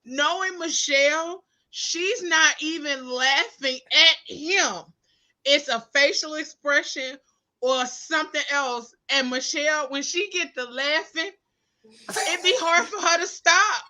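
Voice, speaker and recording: A woman co-host talks in loose, slangy bursts, circling back on her words. Her voice sits high and bright. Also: takes it slowly. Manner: animated, repetitive, slangy. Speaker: podcast co-host. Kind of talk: casual chat.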